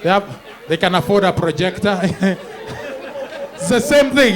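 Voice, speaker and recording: A young Kenyan man performing a stand-up comedy set, animated, acting out people and mixing in Swahili phrases. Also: high voice, measured pace, long pauses, a faint crowd.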